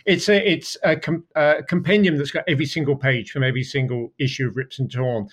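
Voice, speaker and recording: A man's voice: medium pitch, fairly quick, husky. A man hosting a casual interview over a video call, enthusiastic, repeating words as he restarts. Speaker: podcast host.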